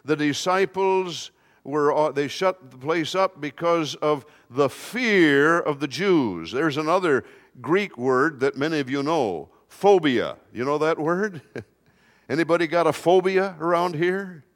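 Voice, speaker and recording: A man preaching a sermon to a congregation in a slow, emphatic way with touches of light humor. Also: on the high side, animated, fairly bright tone, big-room sound.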